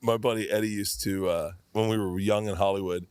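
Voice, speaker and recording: A man's voice: on the low side, steady tone, fairly quick, a little mellow, clear, resonant tone, no room sound, clean studio sound. A man telling crude, rambling stories in casual podcast chat, swearing freely. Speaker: podcast guest.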